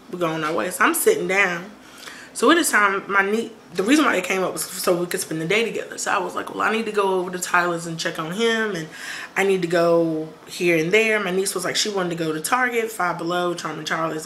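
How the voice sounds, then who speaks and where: A woman telling a personal story on her vlog, lively, acting out quoted voices. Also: medium pitch, slight background noise. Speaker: vlogger.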